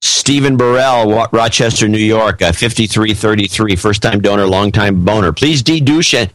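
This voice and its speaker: A man's voice: lowish voice, moderate pace, a bit bright, no room sound, rough recording. A man co-hosting a podcast in casual chat, reading listener donations aloud in a matter-of-fact way. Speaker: podcast co-host.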